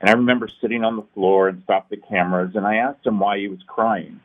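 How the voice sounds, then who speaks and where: A nonprofit founder in middle age talks fast in a lowish, steady voice while telling his story in an interview. His manner is earnest and emphatic, rising to rousing peaks. It sounds like a tinny phone line.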